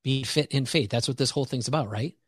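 A man's voice: mid-range voice, quick pace, fairly bright tone, breathy edge, no echo. A man talking as a podcast guest, preacher-like and emphatic, repeating phrases for rhythm as he builds a motivational faith message.

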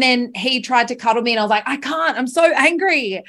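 A woman's voice: on the high side, brisk, hardly any pauses, fairly bright tone. A woman hosting a podcast, telling a candid, emotional story about parenting. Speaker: podcast host. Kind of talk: casual podcast chat.

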